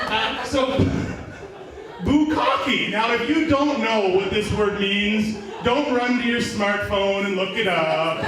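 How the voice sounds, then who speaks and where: Male stand-up comic, high voice, rambling and profane; heard from a distance with a loud crowd around him. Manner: profane, rambling, self-mocking. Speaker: stand-up comedian. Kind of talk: stand-up comedy set. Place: small bar venue, indoors. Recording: echoey room from far off, audience noise.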